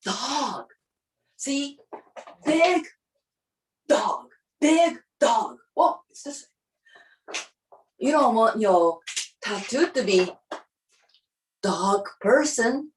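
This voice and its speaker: A woman's voice: on the high side, expressive, very slow, long pauses, reverberant, far from the mic, a little hiss or hum, rough recording. A woman doing stand-up, playfully teaching like a teacher. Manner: playful, teacherly, acts out characters with her body. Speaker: stand-up comic. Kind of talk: stand-up comedy.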